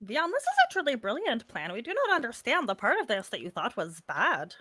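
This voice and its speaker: A woman playing a tabletop game, bubbly and quick to react. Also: fairly high pitch, wildly swooping pitch, sharp tone. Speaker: player.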